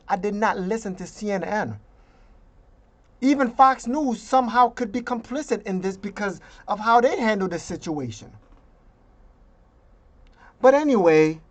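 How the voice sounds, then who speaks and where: Indignant vlogger ranting slowly. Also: mid-range voice. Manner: emphatic, indignant, slips into mocking voices. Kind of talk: political rant.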